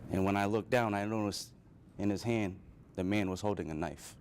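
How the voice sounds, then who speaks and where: A man with a fairly low voice talks to a crowd and tells his own story with earnest, open emotion. A faint hiss sits under his voice. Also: moderate pace, darkish tone. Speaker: speaker addressing an audience. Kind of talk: personal storytelling speech.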